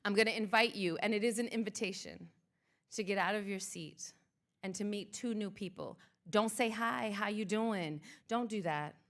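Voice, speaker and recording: A woman, a motivational speaker, reciting a slow, emphatic spoken-word piece and then leading a live audience through a participation exercise at a museum event. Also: mid-range voice. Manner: slow, emphatic poetic delivery, then lively and playful with the crowd.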